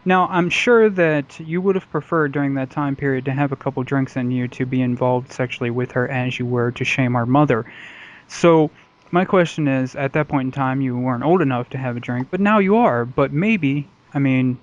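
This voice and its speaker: A man's voice: medium pitch, normal speed, highs cut off. A man hosting a comedy podcast, joking crudely and leading the chat with pointed questions. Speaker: podcast host. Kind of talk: casual podcast banter.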